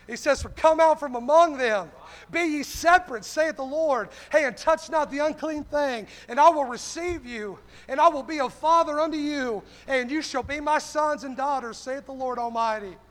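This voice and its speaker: A man's voice: extremely high pitch, a bit bright. A man preaching a fiery sermon, starting line after line with "hey" in a preaching cadence.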